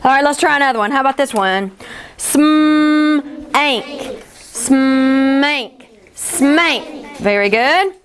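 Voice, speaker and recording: A woman teacher leading a classroom phonics lesson, encouraging and stretching sounds out slowly. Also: sits high, lively intonation, a bit bright, slight background noise.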